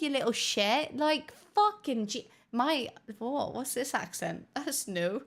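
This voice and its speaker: A woman's voice: sits high, lively intonation, unhurried, few pauses, a bit bright. A woman streamer chatting casually with her viewers, swearing freely and hopping between put-on regional accents. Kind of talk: casual livestream chat.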